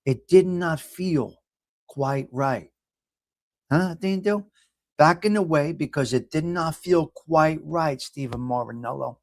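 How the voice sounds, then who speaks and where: Chatty New York man, slightly high voice. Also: slow pace, no echo. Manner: rambling, repetitive and chatty, often addresses viewers by name. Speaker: host. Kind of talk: casual morning chat reading a horoscope and viewer comments.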